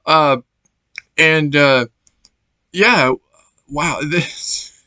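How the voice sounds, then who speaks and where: A man's voice: fairly high pitch, very slow, sharp tone, dry recording. A man casually reviewing a movie for his channel, rambling and searching for words as he laughs along.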